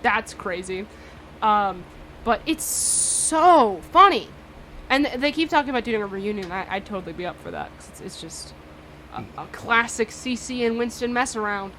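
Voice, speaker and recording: A woman in her twenties hosts a radio show, chatting loosely between songs, rambling, laughing easily, and packing in fillers and restarts. Her medium-pitched voice is animated, pushed and bright, at a moderate pace, with slight background noise.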